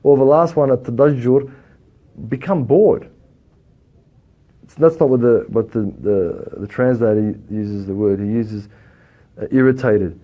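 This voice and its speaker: A man with an Australian accent teaching a religious lesson, lively and full of rhetorical questions, rising loud then dropping quiet. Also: medium pitch, unhurried, long pauses. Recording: dull lo-fi recording.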